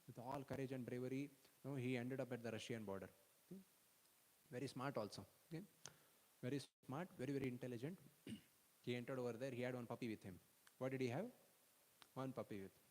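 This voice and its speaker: A man rushes through an animated storytelling sermon for a youth audience and keeps checking in with his listeners. His voice sits at an ordinary pitch for a man, and a long hall reverb trails behind him. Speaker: speaker at a youth festival.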